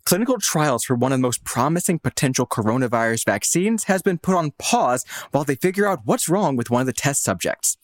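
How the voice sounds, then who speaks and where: A man's voice: mid-range voice, a little fast, hardly any pauses, dry recording. A man co-hosting a news podcast, mixing wry casual banter with scripted news reading. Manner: lively, wry, expressive delivery.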